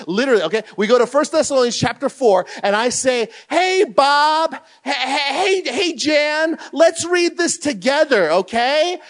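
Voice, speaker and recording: A man preaching a sermon as pastor, emphatic and animated, with loud bursts when he reads scripture aloud. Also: high-pitched.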